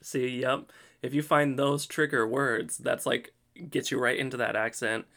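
Slow, easygoing male podcast co-host. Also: medium pitch, fairly even intonation, creaky, a bit bright. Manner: laid-back, laughs easily; theatrical, from acting work. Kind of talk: casual chat.

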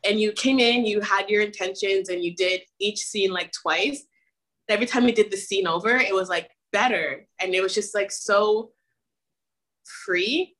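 A woman guest on a podcast, chatting casually and telling stories in an effusive, animated way. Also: medium pitch, moderate pace, rough recording. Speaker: guest actress. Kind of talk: casual chat.

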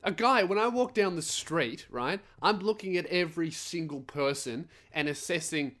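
A man's voice: a little high, normal speed, few pauses, fairly bright tone. A man hosting a podcast, telling a story in a heated, blunt rant full of swearing. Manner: swearing, blunt and heated, acts out other voices. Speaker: podcast host. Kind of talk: ranting storytelling monologue.

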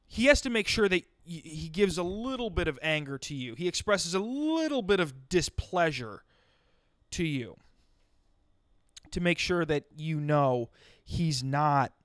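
A man's voice: on the high side, fairly bright tone, smooth, dry recording. A young man telling a comic story in a rambling, wry way, often interrupting himself. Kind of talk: comedic storytelling monologue.

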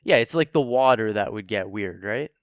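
Laid-back man with a smooth voice. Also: on the low side, expressive, moderate pace, no room sound, clean studio sound. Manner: laid-back, swears, laughs often. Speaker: podcast co-host. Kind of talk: casual chat.

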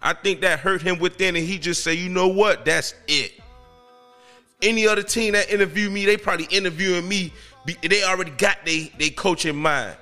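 A man hosting his own podcast, talking casually in an excitable, slangy, emphatic way. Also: sits high, fast talker, soft background music. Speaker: podcast host. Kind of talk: casual solo podcast commentary.

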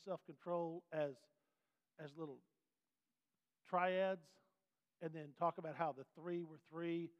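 A man with a high voice teaches a classroom Bible lesson, folksy and animated, often asking the class questions. The sound is dull and muffled. A long reverb trails each phrase, as in a large hall.

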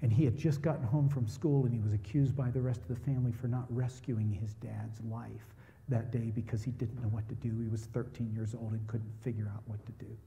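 Male pastor, sermon storytelling, mellow tone, long hall reverb. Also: mid-range voice, fairly quick, vocal fry. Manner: animated storyteller who acts out quoted voices.

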